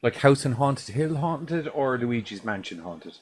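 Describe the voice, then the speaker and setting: A man's voice: medium pitch, animated, a little slow. Male podcast co-host, casual and rambling, mid-range voice, light noise bed. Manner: rambling, swears, frequent restarts. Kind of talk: casual chat.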